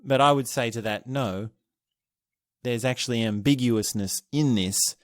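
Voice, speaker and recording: A man hosting a podcast alone, musing and thinking aloud, restarting his sentences and chuckling softly as he reflects. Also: mid-range voice, unhurried, no echo, clean studio sound. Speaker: podcast host. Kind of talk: reflective solo podcast talk.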